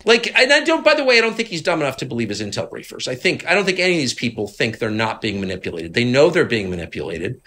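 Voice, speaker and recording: A middle-aged man from Washington, D.C., a guest in a candid conversation, tells stories that swing between low asides and emphatic outbursts. He's very animated and fast with few pauses, and his tone is sharp.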